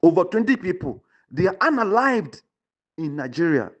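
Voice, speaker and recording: A man's voice: high-pitched, very animated, normal speed, highs cut off. A man giving opinion commentary, preachy and repetitive, often checking in with the listener. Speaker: online commentator.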